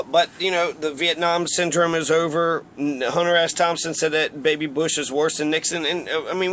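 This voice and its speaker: A man's voice: on the high side, fairly bright tone, a little hiss or hum. Profane, rambling man ranting about war. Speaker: political commentator. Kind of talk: casual political rant.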